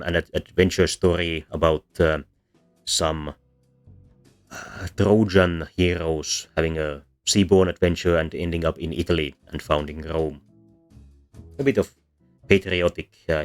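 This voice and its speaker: A man's voice: extremely low pitch, steady tone, unhurried. A man giving a casual, hesitant lecture on linguistics, with frequent ums and restarts. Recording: soft background music under voice.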